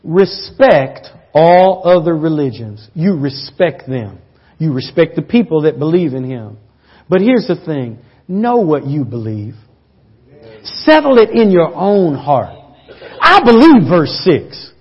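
A man preaching a sermon as pastor, swinging between loud emphatic peaks and soft hushed asides. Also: a little high, big pitch swings, takes it slowly, slightly rough. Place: church. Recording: dull lo-fi church audio.

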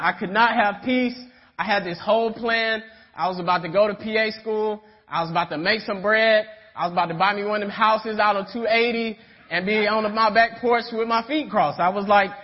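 High-voiced young preacher in a church. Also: male voice, moderate pace. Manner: storytelling, checks in with "right?". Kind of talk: conversational sermon. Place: church sanctuary. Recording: dull sound with long church reverb.

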